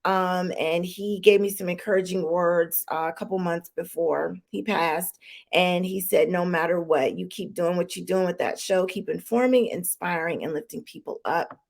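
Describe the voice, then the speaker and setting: A woman's voice: lowish voice, moderate pace, creaky. A woman hosting a live-streamed talk show, chatty and emotional with many fillers and restarts, holding back tears. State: tearful, holding back crying.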